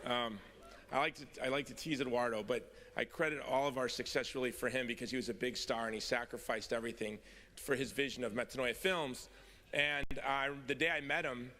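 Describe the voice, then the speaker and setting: A man's voice: on the high side, sharp tone. A man giving a convention speech, telling stories with self-mocking humor. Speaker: convention speaker. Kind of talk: storytelling speech. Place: convention hall. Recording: long reverb of a hall.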